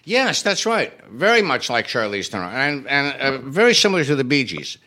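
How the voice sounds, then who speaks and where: A man's voice: mid-range voice, very animated, normal speed, pushed and bright. A man telling show-business stories as an interview guest, wry and self-deprecating with comic timing. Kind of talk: anecdotal interview storytelling.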